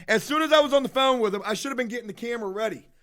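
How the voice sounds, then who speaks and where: A man's voice: very high voice, rapid-fire, a bit bright, no room sound, studio quality. A man telling a story to camera as a profane, mocking rant. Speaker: vlogger.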